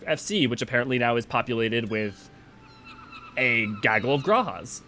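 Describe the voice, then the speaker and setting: A man's voice: medium pitch, expressive, normal speed, pushed and bright, a little hiss or hum. A man hosting a game live stream, chatting casually with viewers in a rambling way while he organizes a group. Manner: rambling, talks to chat while organizing a party.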